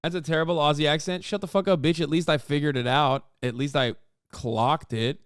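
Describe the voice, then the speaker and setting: A man reacting live on stream, loud and profane, with a smooth, clear voice pitched a bit high. The sound is dry and close, with no room echo. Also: steady tone, fairly quick.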